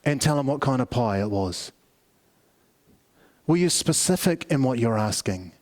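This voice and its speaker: A man's voice: medium pitch, animated, normal speed, darkish tone. A middle-aged man preaching a family service sermon, telling stories conversationally with many restarts. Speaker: pastor.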